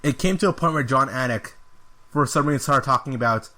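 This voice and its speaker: A man's voice: mid-range voice, a little fast, pushed and bright. A man hosting a podcast, giving a casual, rambling fight review with an exasperated tone and lots of filler words. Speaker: podcast host.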